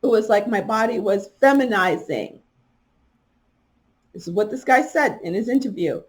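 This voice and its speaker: A woman's voice: mid-range voice, expressive, moderate pace, pauses often. A woman hosts a talk show and comments on an article as she reads it aloud. She talks straight to her listeners, often asking them questions. She stresses her points by repeating key words. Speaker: podcast host. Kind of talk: commentary while reading from an article.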